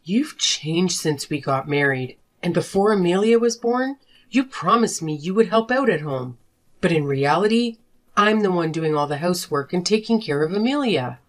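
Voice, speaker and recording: A woman voicing a fed-up wife and mother confronting her husband, indignant and sharp. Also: on the low side, expressive, normal speed, natural voice. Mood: angry. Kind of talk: narrated drama story dialogue.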